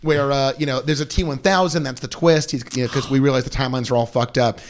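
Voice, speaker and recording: A man's voice: medium pitch, steady tone, fast. A young man co-hosting a comedy podcast, riffing sarcastically and profanely about a movie. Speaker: podcast co-host. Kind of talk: casual comedic movie chat.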